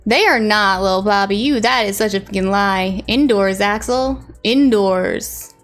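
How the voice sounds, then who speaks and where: A woman's voice: medium pitch, measured pace, faint music behind. A woman streamer chatting casually with her viewers and greeting them by name. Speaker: live streamer.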